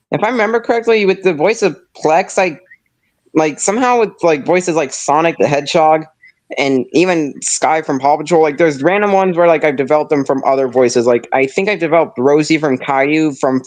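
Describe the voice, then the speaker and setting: A young man chats loosely with friends, his voice a little high and nasal from a stuffed-up nose. He rambles, restarting his thoughts and leaning on fillers as he goes. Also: darkish tone. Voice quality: slightly nasal. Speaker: streamer. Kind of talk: casual chat.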